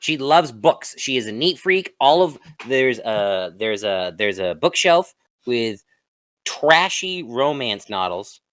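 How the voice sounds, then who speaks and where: A co-host of a tabletop game talk, pitching names and jokes in a playful, casual chat. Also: very animated, takes it slowly, a bit bright.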